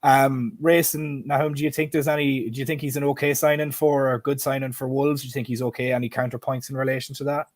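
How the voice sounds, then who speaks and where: A man's voice: mid-range voice, flat delivery, quick pace, few pauses, no echo. A man in his twenties with an Irish accent, hosting a casual football chat stream and putting questions to his guests in a chatty, self-deprecating way. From Ireland. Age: 20s. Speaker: stream host.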